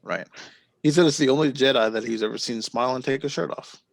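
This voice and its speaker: Male podcast host, casual storyteller, gravelly and dry. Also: mid-range voice, dry recording. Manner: rambling storyteller, quick to laugh.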